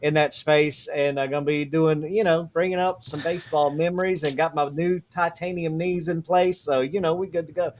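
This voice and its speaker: A man's voice: fairly high pitch, steady tone, moderate pace, hardly any pauses. A man, co-hosting a live sports podcast in a jokey, folksy way. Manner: jokey, folksy, self-deprecating. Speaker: co-host, high school sports broadcaster. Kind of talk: casual live show chat.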